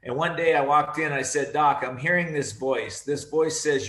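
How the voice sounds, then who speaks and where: A man giving an energetic, emphatic motivational talk on a video call, repeating his key phrases. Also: fairly high pitch, normal speed, hardly any pauses, roomy sound. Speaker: guest speaker.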